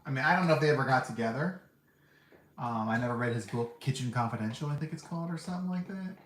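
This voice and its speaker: A man hosting a film-review podcast speaks quickly and with animation in a mid-range voice, rambling through candid, casual takes and laughing frequently. He's seated indoors; the recording has a roomy echo and a faint background hum.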